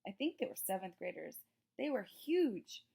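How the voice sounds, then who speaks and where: A woman reading a storybook aloud, voicing a brave, easygoing schoolboy who talks calmly in a casual way. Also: mid-range voice, normal speed, gravelly, husky, heavily acted. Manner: calm, casual "dude" talk.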